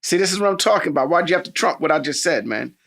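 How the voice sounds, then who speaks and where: A man's voice: a little high, lively intonation, racing, gravelly, over a noisy crowd. A man co-hosting a podcast, chatting casually and teasing his friend with playful, profane banter. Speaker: podcast co-host. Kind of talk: casual chat.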